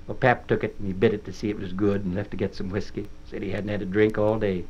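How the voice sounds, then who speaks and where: A man's voice: lowish voice, little pitch movement, fast, few pauses, a little mellow, breathy edge. A man giving a folksy dramatic reading as a boy narrator, in plain-spoken rural dialect, on a dull old record.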